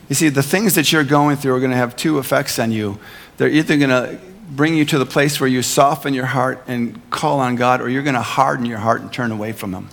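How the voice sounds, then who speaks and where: Earnest male pastor preaching slowly. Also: medium pitch, vocal fry, big-room sound. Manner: earnest preaching with slow emphatic phrases and playful asides. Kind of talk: sermon.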